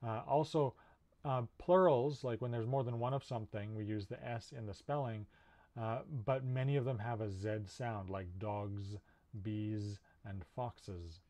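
A man's voice: fairly low pitch, steady tone, a little slow, dark tone. Man giving a patient phonetics lecture. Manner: patient explanations with frequent "uh" fillers. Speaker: linguistics instructor. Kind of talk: recorded video lecture.

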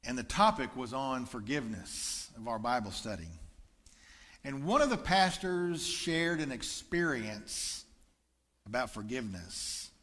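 A male pastor preaches in a church sanctuary, his voice sitting at an ordinary middle pitch. He tells stories earnestly and softens into emotional, quiet prayer. The long reverb of the hall trails after each phrase. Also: very animated, measured pace. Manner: earnest storytelling, turning soft and emotional. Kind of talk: sermon and prayer.

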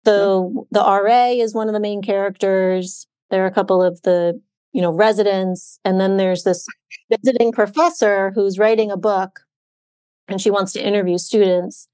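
A woman's voice: medium pitch, normal speed, smooth, dry recording. A woman co-hosting a bookshop podcast, chatting casually about books with lots of "um" and "like". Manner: chatty, relaxed, many "um"s and "like"s. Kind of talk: casual book chat.

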